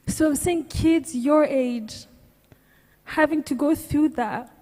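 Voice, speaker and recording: A woman's voice: high voice, mellow. A woman speaking at a youth conference, near tears, apologizing and laughing as she speaks. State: on the verge of crying. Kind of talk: emotional speech. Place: large conference hall. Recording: echoey hall, long reverb.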